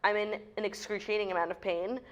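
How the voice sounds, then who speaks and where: A woman's voice: medium pitch, fairly even intonation, quick pace, highs cut off. A young woman co-hosting a casual studio chat show, talking in a chatty way and filling her sentences with "like.". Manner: chatty, constant "like" fillers. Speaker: co-host.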